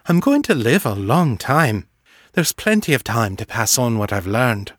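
A man voicing a gentle adult female wizard, speaking softly and reassuringly in a raised voice. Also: medium pitch, sing-song, unhurried, no echo, clean studio sound. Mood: tender. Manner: soft, reassuring.

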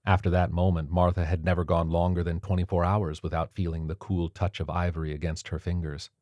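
A man narrating a novel in a steady, measured storytelling voice. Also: sits low, no room sound. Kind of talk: audiobook narration.

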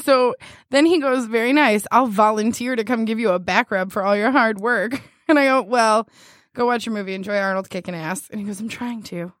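A woman's voice: a little high, brisk, a bit bright, no echo, studio quality. A young woman co-hosting a podcast, telling a dating story in casual chat, quoting messages and laughing often. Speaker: podcast co-host.

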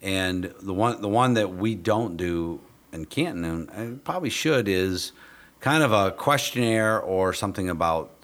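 Low-pitched male host, relaxed and conversational, a police canine handler. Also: a little slow. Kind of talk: casual podcast chat.

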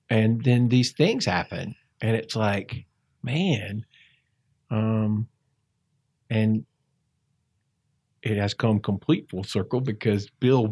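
A man telling his life story in a conversational interview, reflective and halting, with frequent restarts. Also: lowish voice. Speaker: interview guest.

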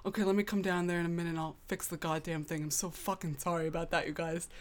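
A woman putting on a gruff, kind male landlord who swears constantly and talks with a thick Northeastern accent. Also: lowish voice, steady tone, moderate pace, lightly acted. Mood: apologetic.

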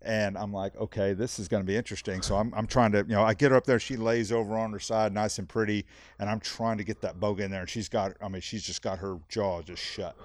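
A man, a fishing guide, telling a long story on a podcast in a rambling, animated way, full of fillers and repeats. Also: on the low side, fast, dry recording, studio quality. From South Texas. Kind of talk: casual storytelling.

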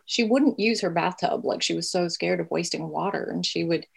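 A woman's voice: on the low side, normal speed, creaky, slightly rough, low-quality recording. A woman in her forties, an author speaking as a podcast guest, thoughtful and self-deprecating. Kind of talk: podcast interview.

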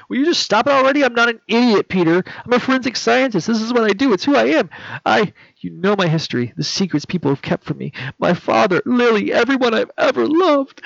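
A man puts on a hurt young woman scientist who pleads and then yells, her voice pushed high and loud. The sound is dull and lo-fi, with a dry, gravelly edge. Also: no room sound. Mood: furious. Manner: pleading, rising to shouting. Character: distraught young woman forensic scientist breaking up.

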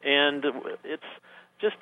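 A man's voice: on the high side, extremely slow, clean tone, no room sound. A man speaking as a guest commentator on a talk radio show, sarcastic and emphatic, piling up words for effect. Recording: tinny phone line.

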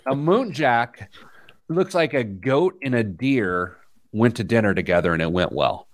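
A man hosting a talk show, telling a story with lively energy and playful asides. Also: medium pitch, unhurried. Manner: animated storytelling, mimics voices with laughter. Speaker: podcast host. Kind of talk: casual chat.

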